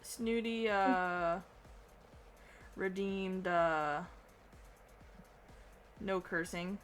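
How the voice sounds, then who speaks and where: A woman's voice: mid-range voice, very slow, faint music behind. A young adult woman streaming, chatting casually while she draws, trailing off as she works.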